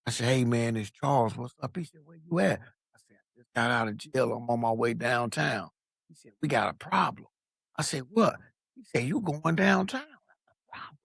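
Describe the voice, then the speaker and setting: A man from Long Beach, California, guesting on a podcast, shares his story in a loose, lively way, voicing the people he quotes and cursing freely. His mid-range voice is gravelly and slightly rough at a normal speed, recorded in studio quality with no room sound.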